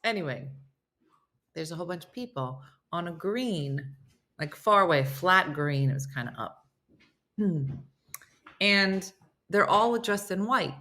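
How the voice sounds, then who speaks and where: Woman host chatting away on a live stream, reading comments out, bright voice on the lower side. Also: animated, measured pace, long pauses. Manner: chatty, reads viewer comments aloud and answers them. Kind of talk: casual live-stream chat.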